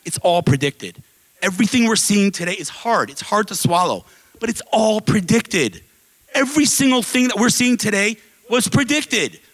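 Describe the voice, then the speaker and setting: A man giving an impassioned speech to a live audience at an event, telling stories and asking rhetorical questions in a casual, animated way. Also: high-pitched, low-quality recording. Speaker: guest speaker at an advocacy event. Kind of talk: impassioned public speech with storytelling.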